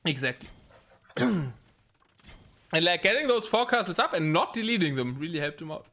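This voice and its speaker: A man casting a live esports match, excitable and rambling with plenty of fillers. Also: high voice, normal speed. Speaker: game caster.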